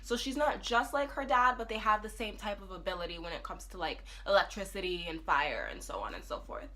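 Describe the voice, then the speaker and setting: Bright-voiced woman recapping a TV episode. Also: medium pitch, a little fast. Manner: animated storytelling that acts out characters' lines. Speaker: TV review vlogger. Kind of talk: casual recap and review.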